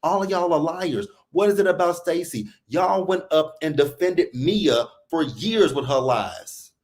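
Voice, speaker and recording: A man's voice: a little high, measured pace. Profane, exasperated male recap ranter. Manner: profane, animated, exasperated, quotes people in put-on voices. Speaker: reality TV recap host. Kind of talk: heated casual recap rant.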